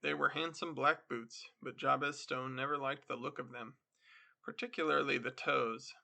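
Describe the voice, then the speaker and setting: Bright, gravelly male storyteller. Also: medium pitch, steady tone, normal speed. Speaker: podcast host and story reader. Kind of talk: literary reading.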